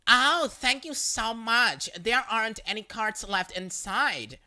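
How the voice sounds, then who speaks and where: A narrator voicing a rude, entitled woman shopper who scolds and makes demands loudly, with a lively, bright voice. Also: fairly high pitch, slow pace, voice pushed up, heavily acted. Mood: demanding.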